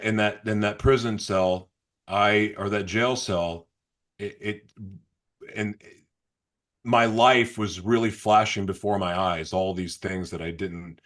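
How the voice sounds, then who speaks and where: A man telling his personal story as an interview guest, halting and restarting, sometimes reliving his past outbursts. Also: fairly low pitch, a bit bright. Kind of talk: emotional personal testimony.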